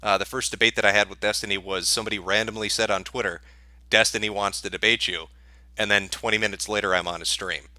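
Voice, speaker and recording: A man's voice: lowish voice, steady tone, quick pace, few pauses, bright, forceful tone, no room sound. A man answering viewer questions on a livestream in a sarcastic, profane, dismissive rant.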